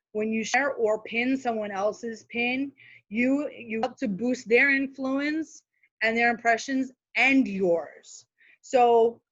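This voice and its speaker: A woman's voice: on the high side, a bit bright, no echo, highs cut off. A woman speaking as a guest social media manager, giving casual, practical tips on a live video call with many fillers and asides.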